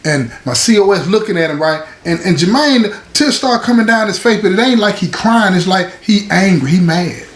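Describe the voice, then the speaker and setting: Guy telling a story casually, bit high voice, echoey room with faint hiss. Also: expressive, moderate pace, hardly any pauses. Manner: conversational, frequent "right?" and "you know what I'm saying". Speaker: host.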